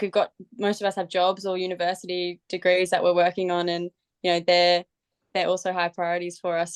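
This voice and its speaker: A woman with a fairly low voice answers in a relaxed, thoughtful way on a video call, her speech dotted with "like" and "um". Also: clear, resonant tone. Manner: thoughtful, with "like" and "um" fillers. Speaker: football player. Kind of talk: casual interview answers.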